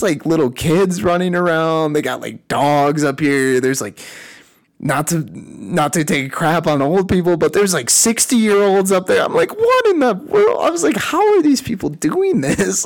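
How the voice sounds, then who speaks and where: A young man hosting a casual solo podcast, talking in a rambling, animated way with lots of fillers and restarts. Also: on the high side, vocal fry. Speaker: podcast host. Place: lives at altitude in a mountain city.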